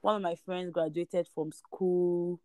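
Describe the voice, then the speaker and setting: A Nigerian woman in her twenties co-hosting a casual podcast, lively and quick with her asides. Her voice is a little lower than most women's, and it is recorded dry and close with no room sound. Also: no echo. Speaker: podcast co-host. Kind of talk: casual chat.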